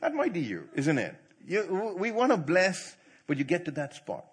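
Husky preacher guy, super lively voice, asks the crowd stuff. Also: high-pitched, moderate pace. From not from India. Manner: animated, asks the audience questions, laughs easily. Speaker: preacher teaching church leaders. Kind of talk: sermon.

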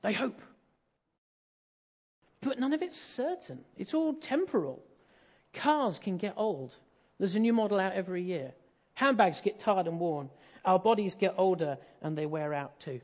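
A man's voice: sits high, lively intonation, measured pace. An English man preaching a sermon, telling a family story in a conversational way with self-deprecating humour.

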